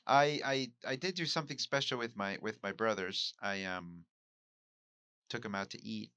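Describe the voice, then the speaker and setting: Candid, self-questioning man with a low, bright voice. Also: moderate pace, no echo, clean studio sound. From Mexico. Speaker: podcast host and amateur stand-up comic. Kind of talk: reflective solo monologue.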